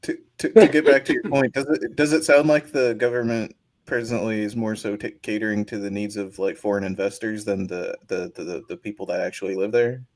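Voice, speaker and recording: A man's voice: on the low side, steady tone, a little fast, darkish tone, low-quality recording. A man from Canada in a casual podcast chat, asking thoughtful questions and stumbling over repeated words.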